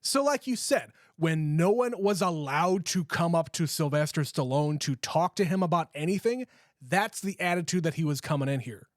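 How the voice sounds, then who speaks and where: A man's voice: on the high side, animated, normal speed, no echo, studio quality. A young adult man co-hosting a podcast, easygoing, recounting movie scenes in detail. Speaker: podcast co-host. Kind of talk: casual movie review chat.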